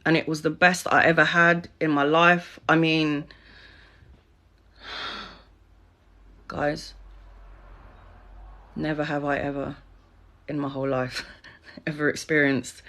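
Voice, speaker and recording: A woman's voice: deep voice, fairly bright tone. A middle-aged woman telling a personal story to her viewers in a candid, chatty way, laughing often and swearing freely. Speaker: spiritual content creator.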